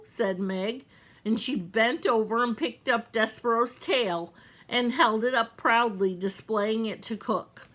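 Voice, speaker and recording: A young woman reading a children's novel aloud as a gentle storyteller, speaking directly to the listener. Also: on the high side, a little slow. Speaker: children's book reader.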